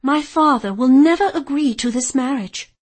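A woman's voice: high-pitched, normal speed, pitched above the performer's own voice, lightly acted. Woman voicing a defiant captive young lady. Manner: firm, defiant.

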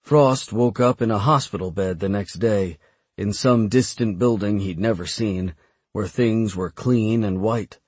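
A man narrating an audiobook in a steady, measured reading. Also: on the low side, breathy edge, no room sound. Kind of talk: scripted narration.

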